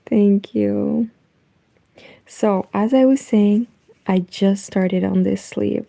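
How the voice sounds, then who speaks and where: A woman from Eastern Europe with a Romanian accent, speaking Romanian natively, chatting softly at home late at night on a knitting livestream, her voice nearly gone. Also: medium pitch, steady tone, slow, gravelly. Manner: soft-spoken, reads chat aloud. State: nearly lost voice.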